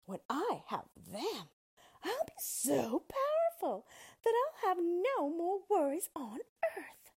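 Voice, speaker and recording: A woman voicing a spiteful wicked witch in a storybook reading, with a shrill, hissing voice. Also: huge pitch swings, takes it slowly, full character voice. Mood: menacing.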